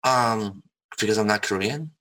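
A man telling his life story in casual conversation, candid and rambling, swearing freely, with a gravelly, husky voice. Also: fairly low pitch, normal speed, sharp tone, rough recording.

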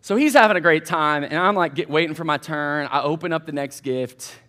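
A man preaching to college students in a church, his voice sitting high for a man. He tells stories in a loose, chatty way and speaks right to the listeners. It sounds like a relaxed sermon. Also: fairly quick. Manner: chatty, animated anecdotes addressing the crowd directly. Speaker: college pastor. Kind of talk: casual storytelling sermon.

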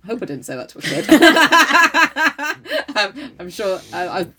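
A woman's voice: high-pitched, big pitch swings, takes it slowly, a crowd in the background. A woman co-hosting a podcast, chatting in a giggly, joking way. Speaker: podcast co-host. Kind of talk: casual chat.

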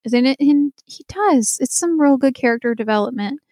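A woman's voice: sits high, normal speed, no echo, studio quality. Chatty woman laughing through a recap. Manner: chatty and animated, laughs a lot. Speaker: podcast co-host. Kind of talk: casual chat recapping a TV episode.

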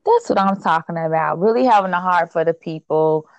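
A woman's voice: fairly low pitch, a little fast, dry recording, lo-fi sound. A woman hosting a podcast in casual chat, upbeat and loose with lots of ums and repeated words. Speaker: podcast host.

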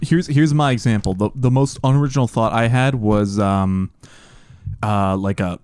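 A man's voice: lowish voice, normal speed, a little mellow, slight background noise. A young man co-hosting a casual podcast, jokey and full of pop-culture riffs. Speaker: podcast co-host. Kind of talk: casual chat among friends.

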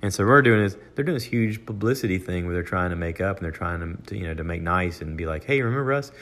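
A man's voice: fairly even intonation, quick pace, fairly bright tone. An older American man hosting a podcast alone, talking casually with many fillers and restarts, and raising his voice when he acts out what other people said. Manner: acts out quoted voices in a raised pitch. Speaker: podcast host. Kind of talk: casual solo monologue.

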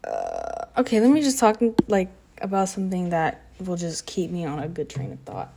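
A teenage girl who is a high school student, rambling and oversharing in a casual confessional vlog at home, sarcastic and full of fillers. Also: huge pitch swings, moderate pace, creaky, dark tone, slight background noise. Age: teens. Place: home living room.

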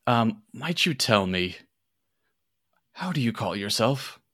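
A fussy, nervous professor stumbles and restarts through formal, overly polite sentences, voiced by a man in a game. The tone is bright and clipped, recorded close and dry. He hesitates constantly and never quite settles. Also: mid-range voice, expressive, slow, no room sound, pitched above the performer's own voice.

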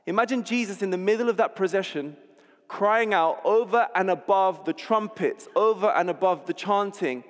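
A man's voice: high-pitched, moderate pace. A man preaching a sermon, telling a scene vividly and often restarting words as he goes. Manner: vivid storytelling, repeats words when restarting. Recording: long hall reverb.

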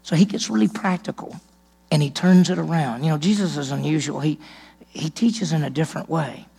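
Male pastor, husky gravelly voice on the high side, preaching with rising emphasis and low asides. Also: fairly quick, mellow. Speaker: senior pastor. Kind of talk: sermon.

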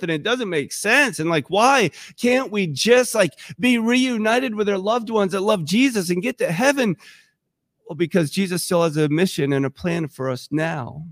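A man's voice: sits high, no room sound. A man preaching a sermon in a church, talking in a conversational, emotional and impassioned way. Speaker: pastor.

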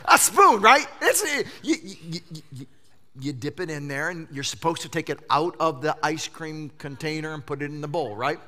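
A male pastor preaching a sermon, telling funny stories in an animated way. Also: on the high side, normal speed. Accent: Southern US. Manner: animated storytelling with jokes.

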